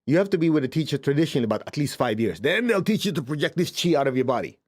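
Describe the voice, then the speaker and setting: A man teaching spirituality in a conversational way, checking in with his listeners often and jumping up in pitch for emphasis. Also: rapid-fire. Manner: lively, swings up in pitch for emphasis. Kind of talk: informal spiritual talk.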